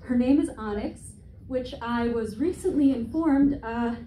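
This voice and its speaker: A woman's voice: a little high, measured pace, dark tone, slight background noise. Wry woman comic in her twenties. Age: 20s. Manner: self-deprecating, profane, wry asides. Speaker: stand-up comedian. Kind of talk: stand-up comedy set. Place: comedy club stage. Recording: echoey room, heard from a distance.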